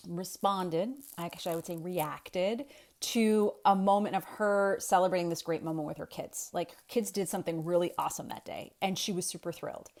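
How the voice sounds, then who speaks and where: A woman in her thirties, a storytelling coach, talking casually to a webcam from home and thinking aloud with restarts and rhetorical questions. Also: mid-range voice. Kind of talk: casual talk to camera. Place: home with kids in the next room.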